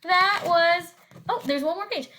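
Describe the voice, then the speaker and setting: A woman teacher reading a picture book aloud to her students, animated and expressive, pausing to ask them questions. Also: very high voice.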